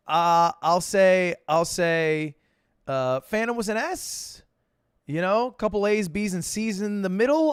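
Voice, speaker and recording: Guy streaming, rambly and teasing, kinda high voice, super dry close mic. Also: slow, clean tone, dry recording. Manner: relaxed, talky, full of "like" and "you know", teasing. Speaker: streamer reacting to music. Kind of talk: casual commentary.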